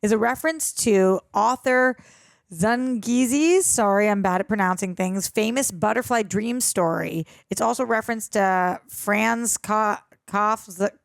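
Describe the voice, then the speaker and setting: A woman's voice: mid-range voice, unhurried, vocal fry, dry recording. A young adult woman co-hosting a movie reaction show, chatting casually, reading out trivia and laughing often. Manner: giggly, repeats a running joke, often laughs mid-sentence.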